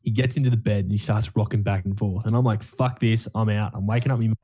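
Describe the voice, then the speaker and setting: A man's voice: on the low side, fairly even intonation, fast, mellow, breathy edge, highs cut off. A young man, co-hosting a podcast in casual chat, rambling and swearing freely. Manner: rambling storytelling, swears freely, many fillers. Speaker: podcast co-host.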